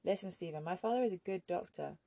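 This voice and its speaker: A woman's voice: fairly low pitch, fast talker, creaky, warm tone, dry recording. A woman reading an audiobook voices a defiant, demanding young woman captive with an insistent, confrontational manner. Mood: angry pleading.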